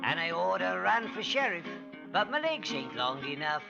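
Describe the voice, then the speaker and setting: A man's voice: sits high, big pitch swings, moderate pace, vocal fry, full character voice. A man voicing a small boastful cowboy puppet with a put-on American Western drawl, for a 1950s children's television show, from an old archive recording. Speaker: ventriloquist's puppet character. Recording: dull old archive TV sound with music.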